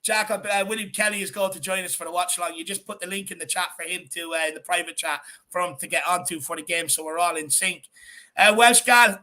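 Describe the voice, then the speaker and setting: Bright-voiced man hosting a football stream. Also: sits high. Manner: chatty, repeats himself, shouts out viewers. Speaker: co-host of a football watchalong stream. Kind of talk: casual live-stream chat and commentary.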